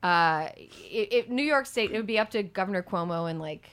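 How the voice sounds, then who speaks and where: A woman's voice: medium pitch, expressive, normal speed, fairly bright tone. A woman guest on a comedy podcast, explaining politics with lots of fillers and restarts. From Midwest. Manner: explains politics in rambling, filler-heavy bursts. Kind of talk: casual comedic banter.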